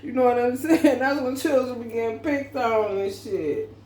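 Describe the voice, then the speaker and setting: A woman's voice: on the high side, moderate pace, darkish tone. A woman who is a parent, giving a casual, profane tarot reading with lots of slang and laughter. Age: adult parent. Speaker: tarot reader. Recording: echoey room with faint background noise.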